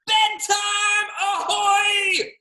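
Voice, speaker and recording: A man voicing a cheerful, bossy male octopus in a picture-book reading, with loud, drawn-out announcements, in an echoey room over a video call. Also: a little high, lively intonation, creaky, soft background music, heavily acted. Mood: proud.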